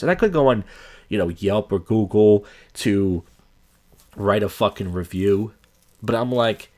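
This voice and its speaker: A man with a fairly low voice, hosting a podcast in a casual monologue. He rants with plenty of profanity, and his pitch often jumps up as he gets worked up. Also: a little slow. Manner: profane, animated ranting. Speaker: podcast host.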